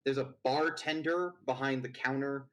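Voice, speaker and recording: A man's voice: medium pitch, steady tone, normal speed, a bit bright, slight background noise, poor audio. A man narrating as game master in a tabletop game, loose and rambling with lots of fillers.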